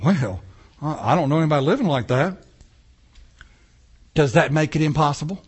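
A man delivers a sermon from the pulpit. His voice sits high for a man, and he keeps things animated with rhetorical questions and offhand remarks to the congregation. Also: normal speed, husky. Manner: animated preaching with casual asides and rhetorical questions. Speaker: pastor. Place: church sanctuary.

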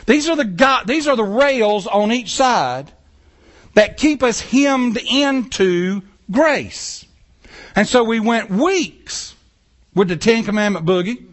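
Guy preaching, really high bright voice, jumps around a lot in pitch, jokey. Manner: animated, joking preaching with acted-out quotes. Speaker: pastor. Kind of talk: sermon.

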